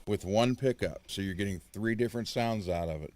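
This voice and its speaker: A man co-hosting a casual livestream, speaking in a matter-of-fact, halting way. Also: lowish voice, a little mellow, slight background noise.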